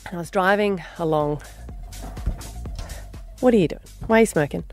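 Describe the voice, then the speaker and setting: An Australian woman co-hosting a breakfast radio show, telling a story in a lively, animated way and acting out her own panicked lines. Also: lowish voice, moderate pace, soft background music. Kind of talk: casual breakfast radio chat.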